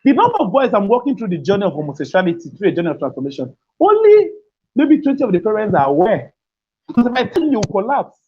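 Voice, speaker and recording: A woman's voice: mid-range voice, sing-song, quick pace, husky. A woman gives an emphatic, preachy parenting talk, repeating her key phrases and laughing between points. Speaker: parenting speaker. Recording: dull lo-fi recording.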